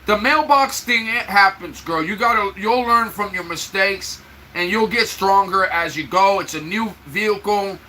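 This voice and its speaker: A man's voice: high-pitched, measured pace, pushed and bright, a little hiss or hum, poor audio. A man hosting his own live stream, venting emotionally and talking straight to his viewers in casual chat. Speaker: livestream host. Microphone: own microphone for the live stream.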